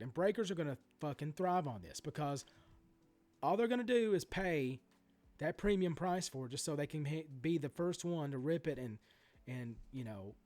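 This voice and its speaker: A man in his forties ranting in a vlog about sports card prices, swearing freely and going off on asides and restarts. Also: on the high side. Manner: animated, profane ranting with many asides and restarts. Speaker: sports card collector vlogger.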